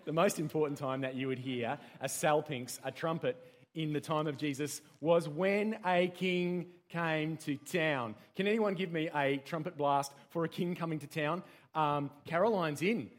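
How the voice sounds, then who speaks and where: A man with an Australian accent leads a playful children's talk, his voice sitting noticeably high for a man. He keeps quizzing his listeners and has them repeat the key words with him, in a lively, interactive teaching manner. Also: moderate pace.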